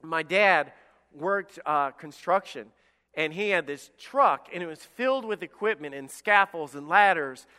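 Bright, high-voiced preaching pastor. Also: male voice, clean tone, long reverb tail. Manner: animated preaching, acting out voices of David and God. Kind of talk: sermon.

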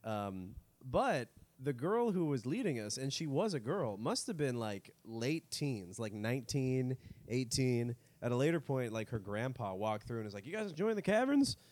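A man co-hosting a podcast, telling a rambling story in casual chat, laughing often and dropping into quick mock voices. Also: medium pitch, expressive, a little mellow, dry recording. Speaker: podcast co-host.

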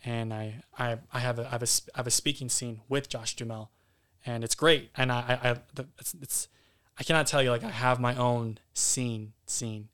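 A man's voice: medium pitch, fairly even intonation, moderate pace, fairly bright tone, clean tone. A man as guest actor on a podcast, talking candidly and casually, with some swearing.

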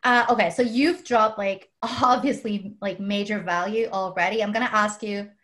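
A woman's voice: mid-range voice, fairly even intonation, moderate pace, a bit bright. A woman hosting a casual interview, chatty and using "like" often. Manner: chatty, leans on "like" a lot. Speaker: podcast host.

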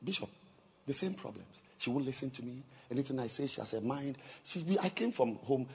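A man voicing a weary young husband who complains to his bishop in a subdued, halting way. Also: medium pitch, lively intonation, creaky, slightly rough, heavily acted. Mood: aggrieved.

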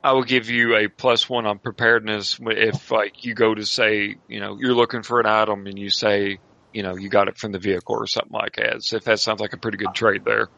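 A man's voice: fairly low pitch, little pitch movement, a little fast, vocal fry, pushed and bright, no room sound, muffled recording. A man running a tabletop horror game as game master, talking in a rambling way and often stopping to search for names.

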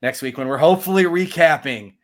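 A man's voice: a little high, fairly quick. A man hosting a casual sports podcast, chatty and joking, laughing often as he talks. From Michigan. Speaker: podcast host.

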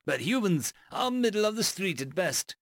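A man's voice: high voice, big pitch swings, normal speed, vocal fry, fairly bright tone, no room sound, clean studio sound, heavily acted. A man voicing an earnest, pedantic male alien crewmate who explains things in a matter-of-fact, over-detailed way. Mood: explaining.

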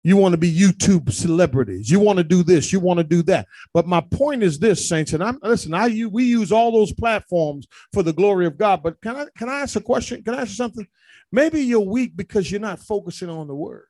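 A male pastor preaching a sermon, calling out to the congregation and rising to shouts. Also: high voice, animated, brisk, no echo.

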